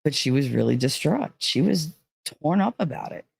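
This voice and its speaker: A woman's voice: low-pitched, lively intonation, moderate pace, vocal fry, a little mellow, husky, dry recording. A woman telling a personal story in a casual, rambling way, full of "like" and "you know.". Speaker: vlogger.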